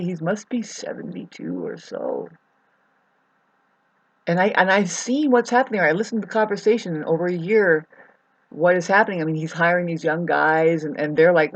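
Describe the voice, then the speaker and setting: Husky-voiced woman rambling to camera. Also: no room sound, low-quality recording. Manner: rambling, swearing, emotional, swings from low murmurs to loud outbursts. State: sleep-deprived. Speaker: vlogger. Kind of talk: rambling personal monologue to camera.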